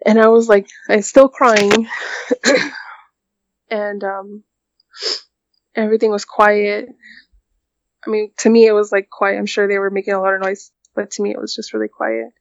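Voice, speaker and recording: A young woman tells a painful personal story in a halting way, leaning on fillers and restarting her sentences. Her voice sits at an ordinary middle pitch. It is recorded dry and sounds a little muffled. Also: level tone, creaky, no room sound. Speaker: guest recounting a personal experience.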